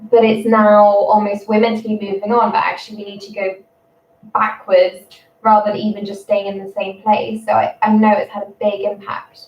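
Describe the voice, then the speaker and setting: A young English woman in her twenties, a primary school teacher chatting casually on a livestream, rambling and quick to laugh. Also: medium pitch, monotone. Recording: roomy, distant, dull sound.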